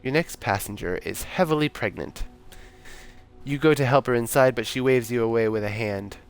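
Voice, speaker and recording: A man narrates a story game aloud for a live stream. His voice sits at a middle pitch, and he drops casual, wry asides between passages. Faint game music plays underneath. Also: moderate pace, clean tone.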